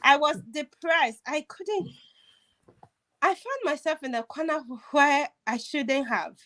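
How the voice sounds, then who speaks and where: High-voiced woman telling a personal story. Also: slow pace, sharp tone. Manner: emotional, laughs while recounting, many restarts. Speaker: host. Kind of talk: casual storytelling chat.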